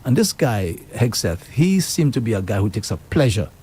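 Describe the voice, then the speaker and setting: A man's voice: lowish voice, sing-song, normal speed, dark tone, breathy edge. A man hosting a talk radio show, speaking, emphatic and indignant as he reads out and comments on news.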